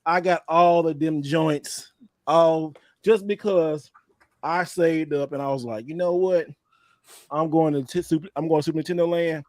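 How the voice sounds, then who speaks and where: A man hosting a podcast with a Texan accent, telling animated, slangy stories in casual chat and laughing often. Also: a little high, normal speed, dry recording, studio quality. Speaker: podcast host.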